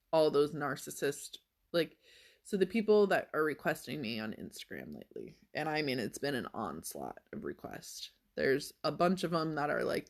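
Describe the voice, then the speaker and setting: A woman talks straight to her viewers in a loose, unscripted vlog. Her voice is gravelly with a lot of fry. She tells the story with a sarcastic, exasperated edge. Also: sits low. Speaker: vlogger. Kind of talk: casual vlog monologue.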